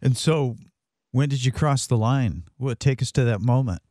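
A man's voice: mid-range voice, normal speed, dark tone, dry recording, studio quality. A man hosting an interview, reacting and introducing his guest in an enthusiastic, emphatic way. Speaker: host. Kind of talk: interview conversation.

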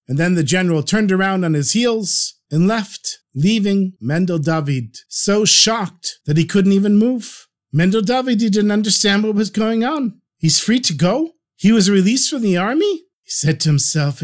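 Brief: expressive male storyteller, fairly high voice. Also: normal speed, few pauses. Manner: expressive, shifts voice for characters. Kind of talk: storytelling narration.

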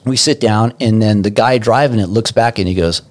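A middle-aged man, a guest, telling a personal story casually, animated and profane, acting out the people he quotes. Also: lowish voice, normal speed.

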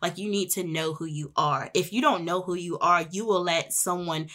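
Young woman host, casual storyteller, bright and slightly low-pitched, animated. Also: moderate pace. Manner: chatty and animated, acting out quoted voices.

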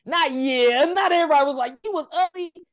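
A woman's voice: high voice, fast. A woman co-hosting a podcast in casual group chat, blunt and laughing, talking over a video call. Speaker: podcast co-host.

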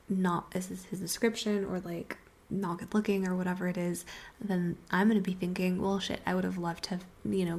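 A young woman casually telling a funny story, chatty and animated, often dropping to a whisper. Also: mid-range voice.

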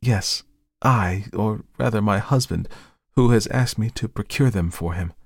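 A man's voice: unhurried, creaky, dry recording, studio quality. A man voicing a distressed, hypnotized noblewoman who pleads and trembles in an audiobook reading. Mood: anxious. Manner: trembling, pleading, rising to high cries.

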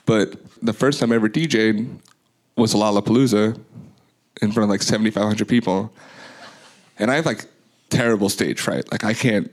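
Laid-back young man, deep voice. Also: steady tone, moderate pace, pauses often. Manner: loose, rambling, heavy use of "like". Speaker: guest, DJ and music producer. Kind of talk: casual interview storytelling.

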